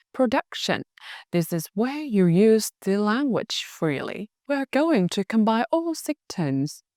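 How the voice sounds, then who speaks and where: A Vietnamese woman with a Hanoi accent teaching a language lesson, patient and encouraging, modelling each word slowly for learners to repeat. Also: mid-range voice, a little mellow, no echo, studio quality. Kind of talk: slow, clear tone lesson with drills.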